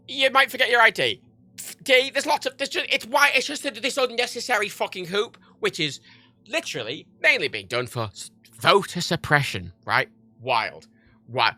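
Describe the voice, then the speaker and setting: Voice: mid-range voice, sharp tone. A livestreamer ranting heatedly and profanely in casual talk while playing a game.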